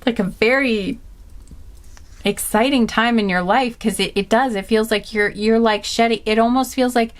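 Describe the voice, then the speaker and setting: A woman's voice: fairly high pitch, steady tone, normal speed. A woman giving a spiritual pick-a-card reading, talking with passion and emphasis, repeating phrases with many fillers. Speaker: tarot card reader.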